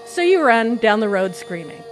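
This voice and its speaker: A woman hosting a podcast, casually telling spooky folk tales with a playful, laughing manner. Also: medium pitch. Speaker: podcast host. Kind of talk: casual storytelling chat.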